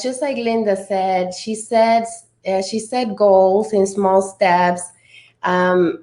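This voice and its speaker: A woman talking as a guest in a motivational chat, laughing often and filling pauses with restarts. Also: medium pitch, a little mellow. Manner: slow, laughing, many fillers and restarts. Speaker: guest speaker.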